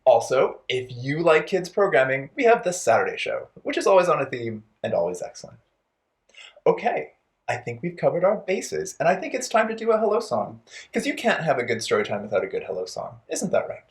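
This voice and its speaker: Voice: mid-range voice, sing-song, fairly quick. A storytime host for young children, playful and encouraging, speaking directly to the kids and leading rhymes.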